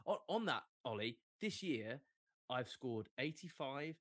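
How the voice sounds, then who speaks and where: A man's voice: medium pitch, a little slow, no echo. A young English man co-hosting a sports podcast, chatting casually with jokey asides. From England. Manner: animated, jokey, fond of asides. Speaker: podcast co-host. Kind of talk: casual chat.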